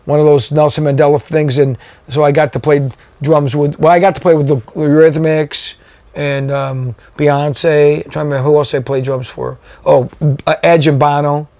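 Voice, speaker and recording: A man's voice: fairly high pitch, flat delivery, normal speed, mellow, dry recording. A man, a touring drummer, telling stories in a casual interview, rambling with many fillers and restarts. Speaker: guest drummer.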